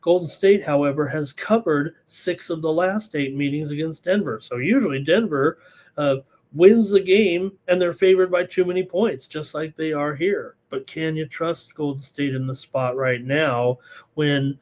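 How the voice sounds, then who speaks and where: A hoarse man hosting a live sports betting show, thinking aloud through picks in a rambling, casual way. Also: fairly high pitch, unhurried, a little mellow. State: hoarse, losing his voice.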